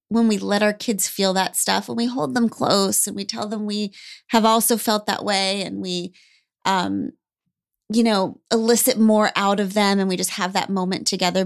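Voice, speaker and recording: A woman's voice: medium pitch, creaky. A woman co-hosting a podcast, talking in a thoughtful, earnest way full of "like"s. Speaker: podcast co-host. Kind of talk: casual chat.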